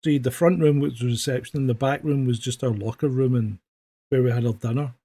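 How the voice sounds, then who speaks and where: A man's voice: mid-range voice, fast. A man with a Scottish accent, a former police officer, chatting casually on a podcast and animatedly telling a story. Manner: animated storyteller, acts out dialogue. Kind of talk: casual chat, anecdote telling.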